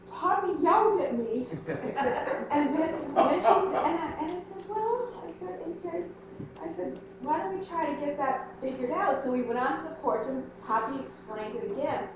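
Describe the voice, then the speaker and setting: An older woman, the pastor's wife, telling a family story in an animated way. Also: high voice, slight background noise. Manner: animated storytelling, laughing through it. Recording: echoey room, distant mic.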